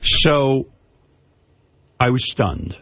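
Husky guy on talk radio, bouncy up-and-down voice, dull dry studio sound. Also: mid-range voice, lively intonation, extremely slow, no room sound. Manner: heated storyteller, swears freely.

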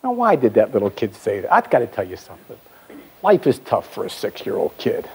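An older man, a sales trainer, telling a childhood story in a seminar talk, with chatty asides to the audience and a voice that climbs as the excitement builds. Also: mid-range voice, brisk, breathy edge.

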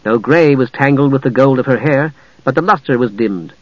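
A man narrating a fantasy novel in a measured, even storytelling manner. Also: medium pitch, no echo, muffled recording. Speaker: audiobook narrator.

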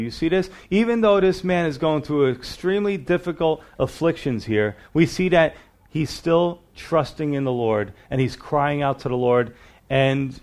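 Speaking at medium pitch, a middle-aged male pastor teaches verse by verse. He reads the scripture out loud and asks his audience rhetorical questions, keeping a conversational preaching tone.

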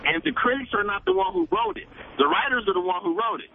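A man's voice: high voice, big pitch swings, fast talker, gravelly, a little hiss or hum. A male caller on a radio talk show, speaking emphatically in slangy speech and repeating phrases. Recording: tinny phone line.

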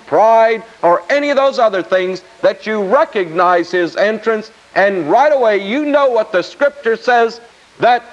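A man delivers a folksy, emphatic sermon, leaning on repeated scripture phrases. His voice sits high and swings widely in pitch. The recording is dull and lo-fi. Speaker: preacher.

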